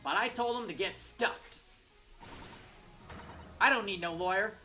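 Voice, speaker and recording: A defiant street-urchin girl pickpocket, as a woman reads her for a game, trusting no one. She talks in a gruff mock Texas drawl full of clipped slang. The tone is bright and pointed, with faint music behind. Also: mid-range voice, a little slow, voice pushed up, poor audio.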